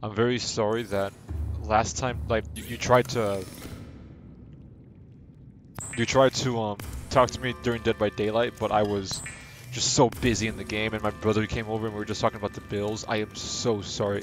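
Speaking a little fast in a fairly low voice with little pitch movement, a young man chats casually with viewers during a live gaming stream. Game music runs underneath his rambling, playful, self-deprecating talk.

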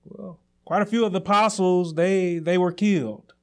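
A man pastor delivering a sermon, preaching emphatically with repeated phrases and rising to shouts. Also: high-pitched, fairly even intonation, moderate pace.

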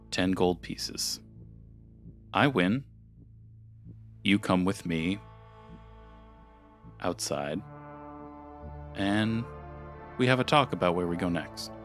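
A man voicing a calm adventurer who offers a bet in a tabletop game. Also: low voice, full character voice. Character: gruff adventurer making a wager.

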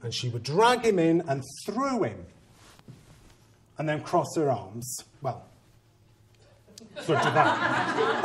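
A man's voice: fairly high pitch, very animated, slow pace, pauses often, a bit bright. Self-mocking male head teacher storytelling. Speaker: conference speaker, head teacher. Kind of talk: humorous storytelling talk.

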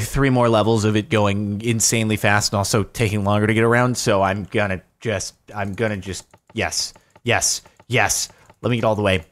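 A young man commentating his own gameplay, excitable, talking to himself and to the game, his voice jumping up when he gets frustrated. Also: medium pitch. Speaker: gaming YouTuber. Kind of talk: live Minecraft gameplay commentary.

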